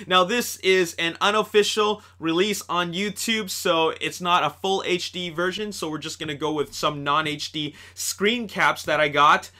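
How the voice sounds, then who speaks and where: Bright, excitable man hosting a video review. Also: a little high. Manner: excitable, rambling, many fillers and restarts. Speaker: host of a movie news channel. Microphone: desktop USB microphone.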